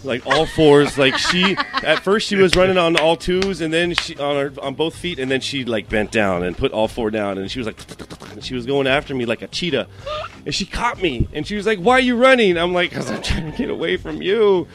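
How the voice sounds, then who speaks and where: A young man hosting a radio show, telling a story in a casual, animated way and mimicking the people in it. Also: on the high side, fairly quick, background noise. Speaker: radio host.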